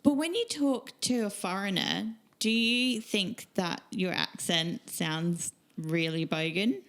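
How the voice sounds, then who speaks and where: An Australian woman co-hosting a casual podcast, chatty and quick to giggle. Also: medium pitch, fairly bright tone. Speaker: podcast co-host.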